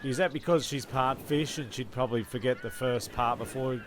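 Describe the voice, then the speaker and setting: A man performing in a loose improvised comedy scene. His voice sits in an ordinary middle pitch, and he teases his friend with long, rambling questions that trip over themselves. A faint hiss runs underneath. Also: normal speed. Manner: teasing, rambling with restarts.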